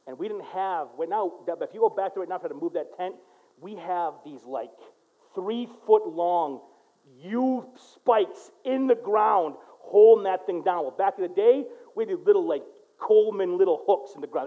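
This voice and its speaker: A man preaching a sermon in a casual, animated storytelling way, dropping to a hush and then rising to loud bursts. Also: high voice, narrow, tinny audio. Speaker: pastor. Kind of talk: sermon with personal stories.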